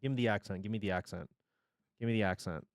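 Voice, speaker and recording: A man's voice: fairly low pitch, fast, dry recording, studio quality. A man in his forties streaming casually, rambling and joking with chat and swearing freely. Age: 40s. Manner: rambling, profane, jokey, reacting to chat.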